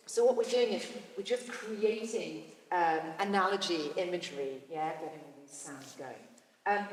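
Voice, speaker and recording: A woman leading a choral workshop, guiding a group through playful vocal warm-ups with encouragement and sudden leaps in pitch. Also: a little hiss or hum. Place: large hall with a group. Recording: echoey hall from far off.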